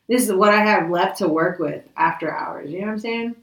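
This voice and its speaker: A woman's voice: mid-range voice, moderate pace, recorded from a distance. A woman in casual chat, speaking bluntly and swearing often. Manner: blunt, profane. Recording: echoey, away from the mic.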